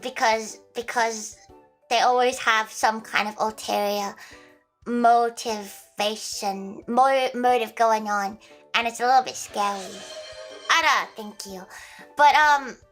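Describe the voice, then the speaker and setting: A woman's voice: fairly high pitch, fairly even intonation, takes it slowly, a bit bright, soft background music, low-quality recording. A young woman livestreaming, chatting casually with viewers in a rambling, giggly way with plenty of swearing. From Australia.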